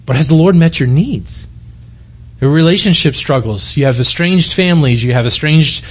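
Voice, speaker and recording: A man's voice: a little high, expressive, normal speed, breathy edge. A middle-aged man, a pastor, preaching a sermon in an earnest, conversational way, often restarting his sentences.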